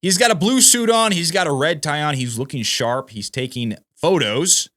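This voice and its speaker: A man's voice: fairly high pitch, expressive, moderate pace, a bit bright. A man hosting political news commentary in a casual, emphatic way, calling his viewers "guys".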